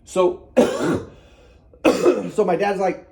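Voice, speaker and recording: High-voiced man rambling casually. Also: animated, fairly quick. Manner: rambling, repeats himself, curses. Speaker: vlogger telling a personal story. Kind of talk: casual monologue.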